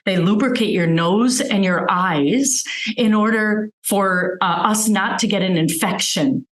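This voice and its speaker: A woman's voice: medium pitch, a little slow, reverberant, low-quality recording. A woman physician giving a webinar talk, earnestly explaining with everyday examples over a video call. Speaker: physician guest speaker.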